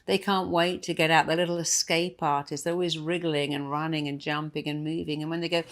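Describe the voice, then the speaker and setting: A woman's voice: low-pitched, level tone, brisk, hardly any pauses. A woman giving a motivational talk, emphatic and repeating key phrases for effect. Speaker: motivational speaker.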